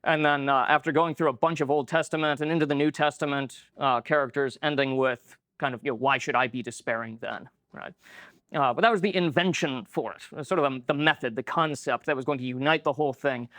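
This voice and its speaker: A man's voice: medium pitch, brisk, fairly bright tone, dry recording, clean studio sound. A man giving a conference lecture in a conversational way, with many filler words. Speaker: conference speaker. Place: lecture room.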